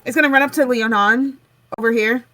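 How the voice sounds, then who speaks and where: A woman's voice: a little high, steady tone, a little fast, background noise. A woman running a tabletop game as game master, giggly and full of ums.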